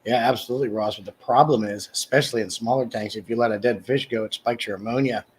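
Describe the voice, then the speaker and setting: A man's voice: fairly even intonation, a little hiss or hum. A man hosting a casual livestream, answering viewers' comments by name in a rambling way with frequent restarts. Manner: mock sales pitch, slow and emphatic. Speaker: livestream host. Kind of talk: casual live chat reading comments.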